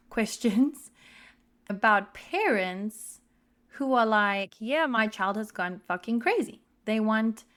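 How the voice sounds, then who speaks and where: A woman's voice: on the high side, a bit bright. Candid woman therapist talking frankly. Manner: frank and conversational, with swearing and wry humor. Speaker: relationship therapist and podcast host. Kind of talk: candid podcast monologue.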